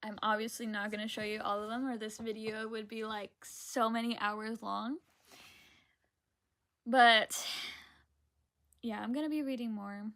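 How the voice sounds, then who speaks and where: High-voiced rambling young woman vlogger. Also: fairly even intonation, a little slow, pauses often, a bit bright. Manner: rambling, heavy use of "like", swears casually, laughs often. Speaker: book vlogger. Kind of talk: casual chatty book haul vlog. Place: room at home with bookshelves.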